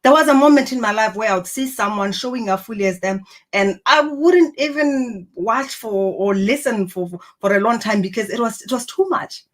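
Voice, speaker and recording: A woman's voice: fairly high pitch, moderate pace. A woman giving an earnest, encouraging motivational talk to camera, reflecting on personality and purpose. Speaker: personal growth speaker.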